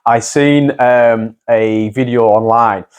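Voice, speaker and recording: A man's voice: medium pitch, steady tone, takes it slowly, smooth. A man hosting a podcast, chatting casually and swearing freely while he acts out the quotes in his stories. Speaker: podcast host. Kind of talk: casual chat.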